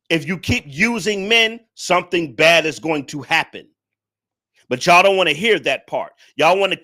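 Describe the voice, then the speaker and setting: A man lectures his livestream audience, scolding and repeating himself over and over. His voice is bright and tense and sits a little high. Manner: preachy, scolding, repetitive. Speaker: livestream commentator. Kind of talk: ranting livestream commentary.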